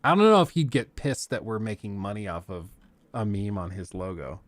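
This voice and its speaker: A man's voice: lowish voice, expressive, moderate pace, dry recording. A young man hosting a live stream, chatting casually with viewers in a rambling, joking way and laughing often.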